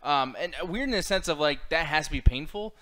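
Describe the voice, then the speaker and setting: A man's voice: on the high side, animated, fairly quick, a crowd in the background. A man hosting a casual podcast chat, laughing often and swearing casually. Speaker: host.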